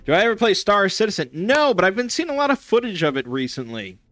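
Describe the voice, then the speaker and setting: A man's voice: high voice, very animated, quick pace, fairly bright tone, dry recording, soft background music. A young man hosting a casual gaming stream, rambling sarcastically with lots of fillers and restarts.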